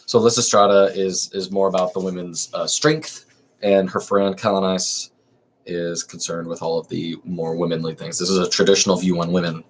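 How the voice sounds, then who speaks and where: A man with a lowish voice pausing his play reading for casual asides. He muses softly, often trailing off quietly at the end of a thought. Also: little pitch movement, husky. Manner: musing asides, soft and trailing off. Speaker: reader.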